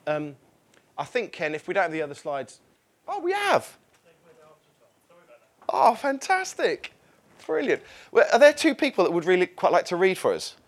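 Brief: a church service leader, a man with a fairly high, lively voice, chatty and hesitant as he asks for volunteers. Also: normal speed, pauses often. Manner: hesitant and chatty, with many fillers and restarts. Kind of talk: casual hosting at a church gathering.

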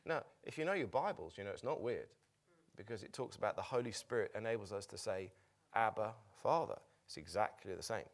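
A man preaching a sermon as pastor, animated, laughing easily and breaking off into halting restarts. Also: on the low side.

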